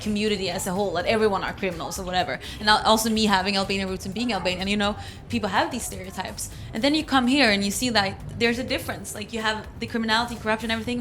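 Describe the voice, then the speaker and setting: A woman's voice: mid-range voice, a bit bright, a little hiss or hum. A young woman from Sweden speaking casually and earnestly in a panel conversation, often using "like" as a filler.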